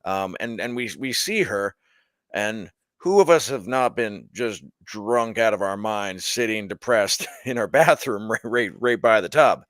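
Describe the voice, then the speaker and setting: A young man co-hosting a casual pop-culture podcast, animated and laughing often as he argues about comics. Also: fairly low pitch, measured pace, no echo. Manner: animated, laughs often, quotes characters in put-on voices. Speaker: podcast co-host.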